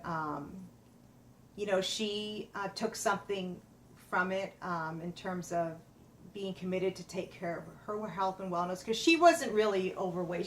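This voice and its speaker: A middle-aged woman, a personal trainer, telling a personal story in a halting, emotional way with many fillers and restarts. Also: lowish voice, slight background noise.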